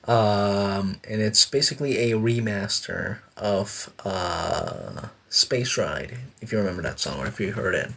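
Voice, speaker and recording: A man's voice: on the low side, measured pace, gravelly, pushed and bright, slight background noise. A young man streaming, chatting casually and rambling with lots of fillers as he laughs at himself. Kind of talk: casual live-stream chat. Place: sitting on a bed indoors.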